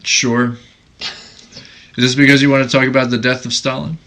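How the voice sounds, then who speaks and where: A man hosting a casual podcast, his voice bright and a little sharp. He jokes and teases his co-host with easy, playful banter. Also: medium pitch, flat delivery, normal speed. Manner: joking, teasing banter.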